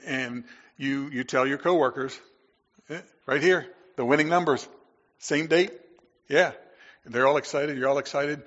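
A pastor giving a Sunday sermon, reading scripture and then explaining it in a relaxed, joking way with frequent fillers. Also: male voice, medium pitch. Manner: conversational preaching with fillers and humor. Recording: echoey hall, dull lo-fi sound.

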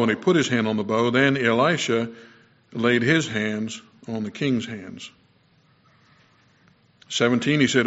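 A man's voice: medium pitch, measured pace, fairly bright tone, muffled recording. A man preaching a conversational sermon, explaining scripture with personal asides and the odd self-correction.

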